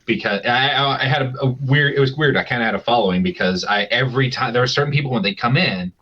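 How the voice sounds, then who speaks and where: A slightly rough, mid-range male voice talks fast as a podcast co-host in casual chat. He rambles, restarts often, and laughs and swears freely. The lo-fi podcast mic gives a dull sound.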